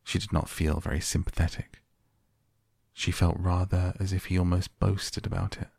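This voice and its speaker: Man, husky, gravelly, slow hushed bedtime story reading, dry close sound. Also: sits low, flat delivery, no echo. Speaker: audiobook narrator.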